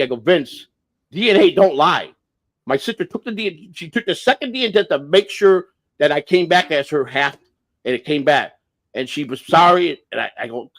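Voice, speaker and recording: A man's voice: fairly high pitch, lively intonation, a little fast. A man around sixty telling a family story on a livestream, blunt and profane, repeating and restarting as he goes. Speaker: livestream host.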